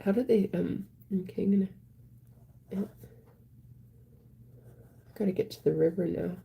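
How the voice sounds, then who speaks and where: A woman casually chatting on a live stream, reading viewer comments aloud in a soft voice that often drops to a whisper. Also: lowish voice, a little slow, vocal fry, slightly rough.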